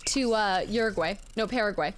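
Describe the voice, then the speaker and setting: A chatty woman talking through a live game stream, reading out viewer comments and answering them between moves. Her voice sits at an ordinary middle pitch and her talk is loose and animated. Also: fairly quick, slight background noise. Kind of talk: casual live-stream chat while gaming.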